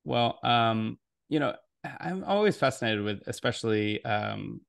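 Gravelly male podcast host. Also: medium pitch, dry recording, studio quality. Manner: upbeat announcer delivery in intro, relaxed and halting in conversation. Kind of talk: podcast interview and sponsor reads. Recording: music playing under the voice. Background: music.

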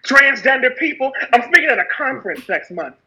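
Impassioned woman with a very high, bright voice. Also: animated, brisk, poor audio. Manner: raw, impassioned, with repeated phrases for emphasis. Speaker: speaker sharing her story. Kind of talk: personal testimony monologue.

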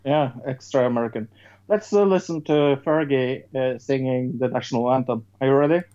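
A man's voice: mid-range voice, normal speed, warm tone, dull audio. A man from Norway co-hosting a casual podcast debate, emphatic and stammering on his starts.

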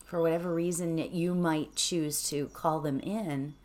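A woman guide with a slightly hoarse early-morning voice talks listeners into a meditation. She takes her time, unhurried and drawn out, chatting easily and laughing between thoughts. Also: deep voice, steady tone, darkish tone. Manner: chatty, laughs often, tags lines with "right?".

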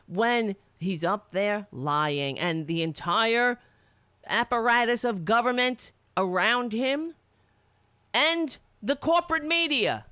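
A woman's voice: fairly high pitch, takes it slowly, sharp tone, clean tone, no echo. A woman giving an angry, profane commentary on a played clip, sarcastic and mocking. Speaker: political commentator.

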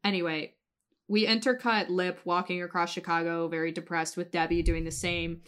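A woman's voice: fairly low pitch, normal speed, clean tone. A woman co-hosting a podcast, chatting casually as she recaps a TV episode and acts out the characters' lines. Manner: animated recapping with acted-out quotes. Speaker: podcast co-host.

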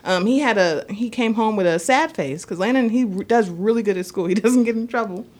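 A woman's voice: medium pitch, brisk. A woman in casual chat, telling stories animatedly and acting out the voices of the people in them. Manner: animated storyteller, acts out voices.

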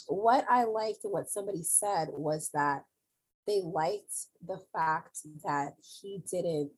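A woman's voice: lowish voice, slow, a little mellow, slightly rough, rough recording. A woman recapping a TV episode in casual chat, emphatic and enthusiastic, often repeating words.

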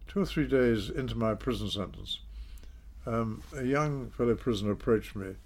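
An older man, telling his story in a measured, self-deprecating way in an interview. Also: mid-range voice, lively intonation, darkish tone. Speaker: interview guest, former politician. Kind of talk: reflective storytelling.

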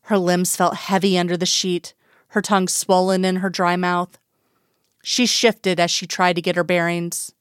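A woman reading a story aloud in calm, even narration. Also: fairly low pitch, moderate pace, clean tone, no echo, studio quality. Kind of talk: audiobook narration.

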